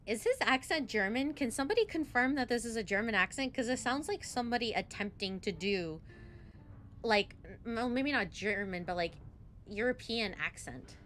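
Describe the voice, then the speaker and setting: A woman's voice: a little high, expressive, moderate pace, fairly bright tone, slight background noise. A young adult woman streaming a game, chatting casually and giggling, saying "like" a lot.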